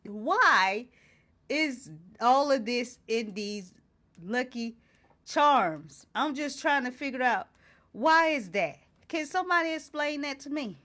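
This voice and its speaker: Speaking slowly in a high, expressive voice that sounds pushed and bright, a talk show host addresses the camera with passion. She reads ingredients aloud in indignation, repeatedly hurling rhetorical questions.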